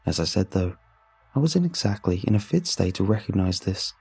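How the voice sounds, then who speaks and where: A man narrating a first-person horror story in a steady, measured way. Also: sits low, creaky, breathy edge.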